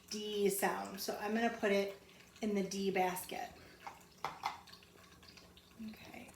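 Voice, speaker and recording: A woman teaching a phonics lesson to young children, sounding out letters slowly and repeating each word. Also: mid-range voice. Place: home. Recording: roomy echo, mic at a distance, faint background noise.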